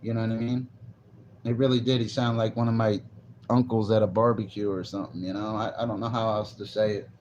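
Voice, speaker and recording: A male livestreamer talks casually and loosely, rambling, restarting sentences, and reading viewers' comments aloud as he answers them. His lowish, slightly mellow voice moves fairly quickly with little pitch variation, and the lo-fi audio carries slight background noise.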